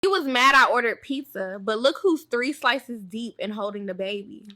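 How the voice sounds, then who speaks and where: A woman's voice: a little high, lively intonation, normal speed, sharp tone, no echo, clean studio sound. A woman in an AI-generated influencer clip, chatting to her viewers.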